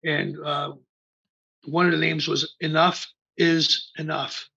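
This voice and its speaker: A gravelly, husky older man from the American Midwest tells rambling band stories as a guest, stopping and restarting his sentences. His voice sits somewhat high and sounds bright and edgy. The audio is dull and lo-fi. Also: level tone, slow pace. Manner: rambling anecdotes full of fillers and restarts. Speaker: band founder and bassist, interview guest. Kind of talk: casual interview storytelling. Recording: dull lo-fi remote interview audio.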